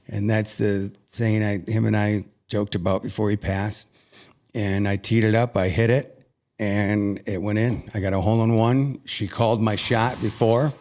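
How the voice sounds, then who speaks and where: A man's voice: on the low side, fairly even intonation, moderate pace, a little mellow. A man, a podcast guest, telling a personal story in an earnest, emotional way, often restarting his sentences.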